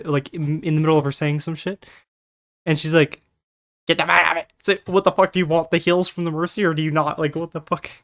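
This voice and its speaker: A streamer giving reaction commentary on gameplay, incredulous and swearing often in quick bursts. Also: medium pitch.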